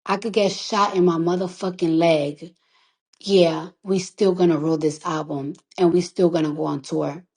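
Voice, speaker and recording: This emotional livestream monologue comes from a woman recording artist speaking through tears on her phone. Her voice is fairly low and a little mellow, steady in tone and moderate in pace, and she is emphatic and defiant, swearing freely and repeating lines to drive them home.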